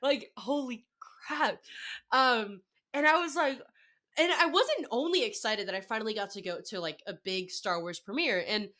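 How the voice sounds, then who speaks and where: A young woman telling a story in a casual podcast chat, excitable and acting out her own reactions. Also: on the high side, moderate pace. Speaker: podcast guest.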